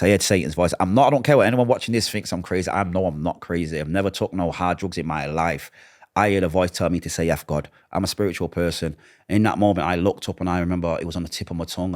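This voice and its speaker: A low-voiced man with a Mancunian accent recounts his past at a quick, tumbling pace. He is middle-aged and acts out each exchange as he tells it, shifting into the voices of the people he is quoting. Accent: Mancunian English. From Manchester, England. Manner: emotional, vivid retelling with acted-out dialogue. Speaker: interview guest. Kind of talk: personal storytelling in an interview.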